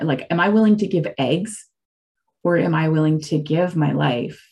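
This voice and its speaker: A woman in her forties with a slightly low voice, speaking in a candid, reflective, conversational way. She pauses, restarts and leans on fillers as she works through personal thoughts on faith and recovery. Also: creaky, dark tone, slightly rough. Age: 40s. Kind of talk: casual reflective talk.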